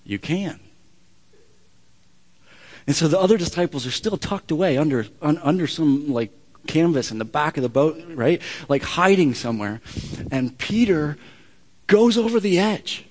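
A man's voice: fairly high pitch, animated, moderate pace, big-room sound. A man preaching a sermon as a pastor, conversational and emphatic, often restarting his words.

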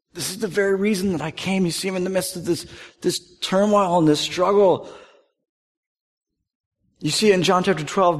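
A man preaching a sermon earnestly, at times emphatic and at times dropping to a hushed, quiet voice. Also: high voice, long reverb tail. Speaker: pastor.

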